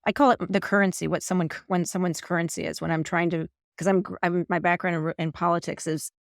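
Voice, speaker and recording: A woman hosts an interview with an enthusiastic, thinking-aloud manner, often restarting her sentences. Her voice carries a gravelly fry, and the recording is dry and close. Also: on the low side, fairly even intonation, fast, no room sound. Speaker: host. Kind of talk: casual interview chat.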